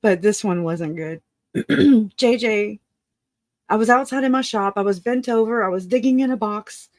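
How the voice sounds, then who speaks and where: A woman giving an emotional personal account of a family loss, halting and restarting, earnest and raw, with casual swearing. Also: medium pitch, a little mellow, no room sound, studio quality. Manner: halting, full of restarts and self-corrections. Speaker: grieving relative.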